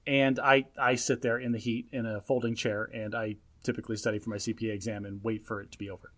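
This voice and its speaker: A man's voice: lowish voice, little pitch movement, fast, fairly bright tone. A man in his thirties co-hosting a casual podcast, telling a parenting story in an emphatic, lecturing way. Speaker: podcast co-host.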